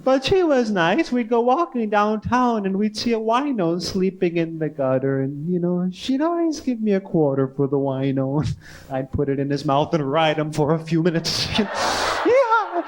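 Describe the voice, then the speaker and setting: High, sing-song stand-up comic man. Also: big pitch swings. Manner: odd sing-song delivery with wild pitch swings and giggles; slow, halting, wide-eyed childlike storytelling. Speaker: stand-up comedian. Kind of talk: stand-up comedy set. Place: comedy club stage with audience laughter. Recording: faint hiss on a 1980s club tape.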